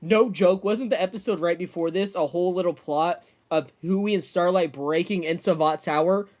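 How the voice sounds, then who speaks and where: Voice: mid-range voice, normal speed, darkish tone. A podcast co-host in casual chat, reacting with disbelief and laughing often.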